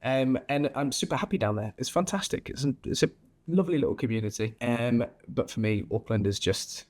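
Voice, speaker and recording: Young guy bartender on a podcast, curses a lot, mid-pitched voice, animated yarns. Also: fairly quick. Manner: swears freely, lively storytelling. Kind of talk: casual interview chat.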